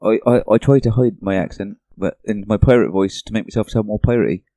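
A man's voice: fairly low pitch, fast talker, mellow, no room sound. A man playing in a tabletop game, joking and bantering. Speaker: player. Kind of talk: casual chat at a tabletop game.

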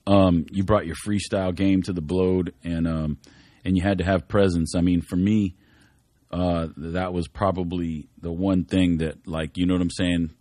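A man's voice: low-pitched, little pitch movement, normal speed, warm tone, no room sound, clean studio sound. A man talking in a casual podcast interview, laid-back and swearing freely as he rambles through stories. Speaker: guest rapper. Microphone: studio microphone.

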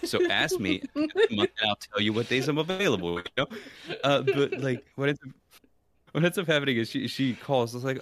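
Animated man telling a story over chat. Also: fast talker. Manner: animated, acts out quoted people with sudden high pitch jumps. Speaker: stream guest.

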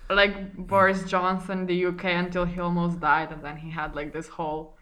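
Young woman from slovenia chatting away, bright sharp voice, lots of likes and giggles. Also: on the low side, flat delivery, moderate pace. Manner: chatty, laughs often, lots of "like" fillers. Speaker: podcast co-host. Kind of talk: casual chat.

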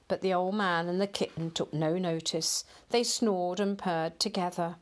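A woman reading a picture storybook aloud in a slow, expressive storyteller manner. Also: fairly low pitch.

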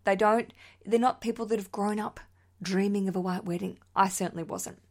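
A woman's voice: mid-range voice, steady tone, a little fast, darkish tone. Bubbly aussie woman hosting a podcast, chatty, giggly, swears a bit. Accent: Australian. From Australia. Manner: bubbly, chatty, laughs often, swears casually. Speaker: wedding podcast host. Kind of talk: casual solo podcast, reading listener messages.

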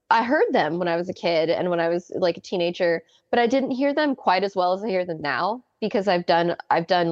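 A woman's voice: medium pitch, no room sound, muffled recording. Chatty giggling woman in her thirties. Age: early 30s. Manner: chatty, giggly, many restarts and "like". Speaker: guest. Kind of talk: casual interview storytelling.

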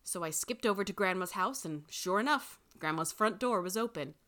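A woman reading a first-person story aloud in an expressive way. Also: medium pitch, moderate pace. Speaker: reader.

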